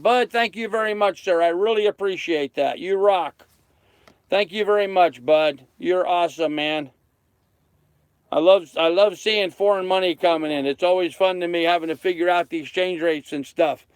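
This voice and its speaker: A thirties-aged man speaks at a moderate pace in a high, clean voice with no room sound. Sitting in his sailboat's cockpit, he runs a relaxed livestream, reading comments and thanking viewers by name.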